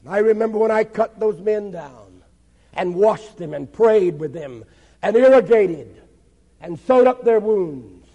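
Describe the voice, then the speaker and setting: A man's voice: very high voice, darkish tone, long reverb tail, low-quality recording. A man, a pastor, giving an impassioned testimony sermon with dramatic storytelling.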